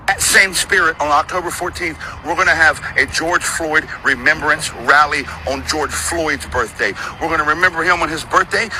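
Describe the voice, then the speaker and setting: Man giving a speech over street noise. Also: fairly high pitch. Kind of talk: political speech.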